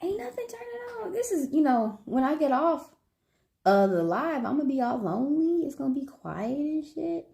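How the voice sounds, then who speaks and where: A woman with a Southern twang chatting loosely with her livestream viewers. Her voice sits a little high and swings up and down with a lot of life. She curses freely and laughs often. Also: expressive, moderate pace, creaky, warm tone. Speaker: tarot reader hosting a livestream. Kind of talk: casual livestream chat.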